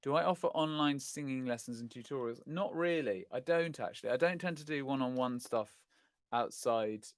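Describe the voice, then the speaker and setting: Fielding viewer questions on his casual livestream, a middle-aged host rambles, corrects himself and makes self-deprecating remarks. He speaks at medium pitch and a moderate pace, with no echo on the audio.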